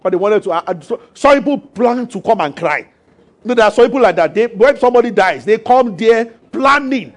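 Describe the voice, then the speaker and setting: A man preaching a sermon as pastor, animated and acting out voices. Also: sits high, a little fast. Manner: animated, acts out voices and laughs with the congregation.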